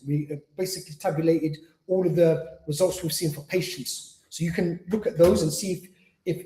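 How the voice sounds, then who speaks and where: A man's voice: high-pitched, warm tone. Earnest man lecturing in an echoey room. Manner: repetitive, earnest, acts out quoted patients. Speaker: Islamic teacher. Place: lecture room at an Islamic centre. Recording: roomy echo.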